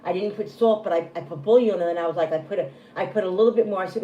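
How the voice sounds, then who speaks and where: A woman's voice: on the low side, very fast, few pauses, mellow, muffled recording. A middle-aged woman hosting a casual livestream from her home kitchen, rambling and self-deprecating, full of restarts as she greets viewers by name. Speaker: livestream host. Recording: echoey room with faint room noise.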